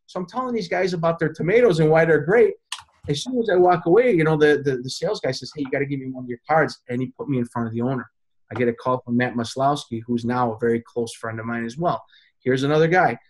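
A man with a mid-range voice talks fast, telling stories in a casual interview. He's a pizza chef and consultant, and he animatedly acts out the voices of the people he quotes.

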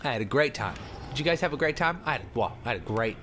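A man's voice: mid-range voice, expressive, quick pace, a bit bright, a little hiss or hum. A young man giving goofy, rambling gameplay commentary, joking at his own expense and breaking into mock screams. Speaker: let's play commentator.

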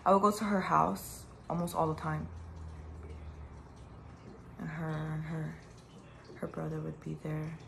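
Young woman, lowish voice, tearful, angry cursing rant, vlog, faint background hiss. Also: flat delivery, a little slow, creaky, long pauses, a bit bright. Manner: grieving then angry, profane ranting. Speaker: vlogger. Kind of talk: emotional direct-to-camera vlog.

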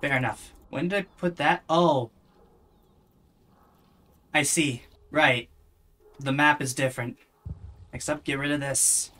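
A gamer talking to themself while playing, with dry, sarcastic asides and quiet muttering. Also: medium pitch, steady tone, takes it slowly, pauses often. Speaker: let's play gamer. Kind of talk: casual gameplay commentary.

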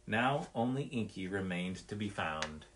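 A man reading a nature story aloud in an expressive, measured way. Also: on the low side.

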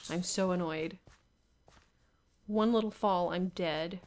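A woman's voice: fairly low pitch, a little mellow. Exasperated young woman narrating gameplay. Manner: exasperated, talks to herself, laughs often. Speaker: gamer. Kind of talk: Minecraft gameplay commentary.

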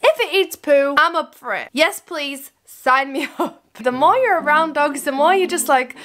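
A woman's voice: high voice, moderate pace, a bit bright, soft background music. A woman vlogging casually at home, rambling and self-mocking in a playful way. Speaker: vlogger and dog trainer. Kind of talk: casual chatty vlog. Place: at home with her dogs.

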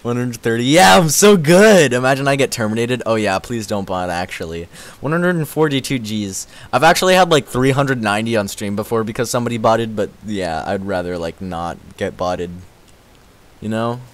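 On his live stream, a young man chats and reads his chat out loud, giggling excitedly, now mumbling low, now squealing high. He talks a little fast.

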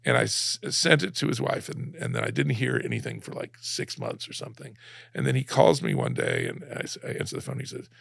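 A middle-aged man from Alabama, a guest telling a personal story in a halting way, close to tears, on a close podcast mic. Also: a little high, wildly swooping pitch, creaky, no echo. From Alabama, USA. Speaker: guest, cartoonist.

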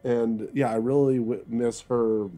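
A man with a mellow, warm tone and a middle pitch chats in a relaxed, rambling way while playing a game. He talks easily among friends. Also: unhurried. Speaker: gamer playing on stream.

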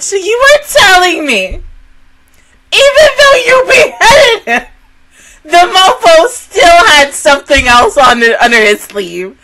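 A woman hosting a casual anime reaction review. She is excitable, swears a lot, and breaks into laughter and outbursts. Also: very high voice, takes it slowly, poor audio.

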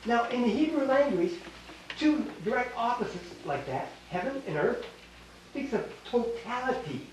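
An older Canadian man's very high-pitched, expressive voice moves at a moderate pace as he teaches a Bible class in a small church hall. Emphatic, he repeats himself and quizzes those listening. The mic is distant, the room echoey, with a faint hiss.

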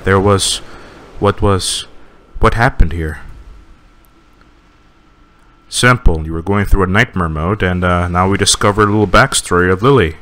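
Deep-voiced gamer, sarcastic let's play commentary. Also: male voice, measured pace, long pauses, fairly bright tone. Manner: joking, sarcastic. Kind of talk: casual gaming commentary.

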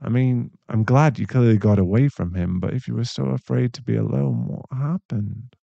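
A young man in a whispered role-play, voicing a caring, protective boyfriend who speaks softly and reassuringly, with a gravelly voice. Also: mid-range voice, no echo, dull audio. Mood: tender. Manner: soft, reassuring, slow-spoken. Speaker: ASMR voice actor.

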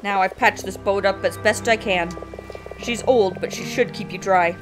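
Woman doing a gruff old sea captain rat. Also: medium pitch, fairly even intonation, moderate pace, natural voice. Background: game music.

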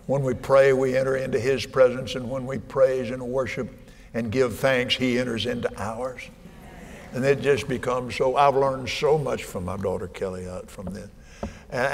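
An older man preaching a sermon in a folksy way, with joking asides and fervent, shouted peaks. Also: mid-range voice. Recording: reverberant hall with faint ambience.

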